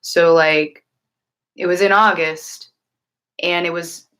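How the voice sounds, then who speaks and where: A tarot reader hosting a casual livestream answers viewers in a lowish, clear, resonant voice that's fairly bright, with fairly even intonation and a slow pace. She talks earnestly but rambles, full of fillers and restarts.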